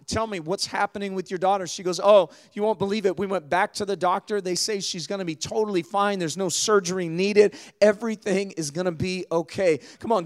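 A man with a fairly high voice preaches a sermon as the pastor. He tells personal stories in a conversational way, then builds to emphatic calls for the congregation to respond. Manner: storytelling, rising to emphatic exhortation.

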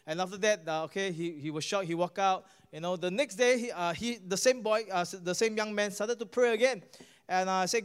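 His voice sits high with a clean tone as this Singaporean English-accented pastor delivers a sermon built around a healing story. Preaching animatedly, he stumbles over repeated words, restarts haltingly, and keeps asking the crowd "guess what?" and "all right?"

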